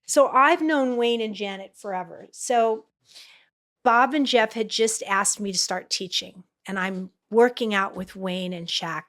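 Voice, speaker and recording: In an unhurried way, this middle-aged Los Angeles woman, who teaches and coaches acting, shares stories on a podcast interview. She acts out quotes using a high, excited voice.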